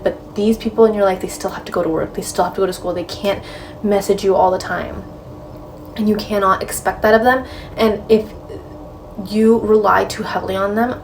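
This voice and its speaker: A woman's voice: medium pitch, a little mellow. A woman giving frank, direct breakup advice in a casual talk, filling her speech with "like" and "right?". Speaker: advice vlogger. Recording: slightly distant mic with faint room noise.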